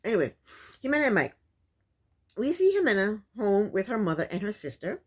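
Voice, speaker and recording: A woman's voice: medium pitch, big pitch swings, a little fast. A woman casually recapping a reality show, chatty and sassy, often breaking into laughs.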